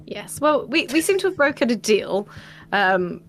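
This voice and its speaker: A woman's voice: fairly high pitch, sing-song, normal speed, soft background music. A woman playing her character in a tabletop game, chatty and theatrical. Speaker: player. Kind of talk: in-character tabletop role-play.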